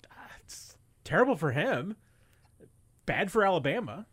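A man's voice: high voice, sing-song, normal speed, a bit bright, husky. A man appearing as a sportswriter guest on sports radio, telling self-deprecating stories with stammering restarts. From Missouri. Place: radio studio.

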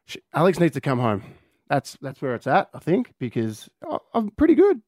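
A man hosting a radio show, telling a story in an excitable way and quickly raising his voice. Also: mid-range voice, no room sound, clean studio sound. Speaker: radio host. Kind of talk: animated radio chat, storytelling. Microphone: studio microphone.

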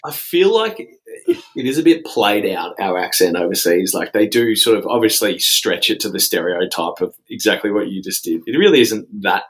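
A young Australian man with a somewhat low voice chats in a relaxed, meandering way. He stacks up "um"s, "like"s and false starts as he tells his stories. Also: moderate pace, rough recording. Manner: rambling, many fillers and restarts. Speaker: podcast co-host. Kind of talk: casual chat.

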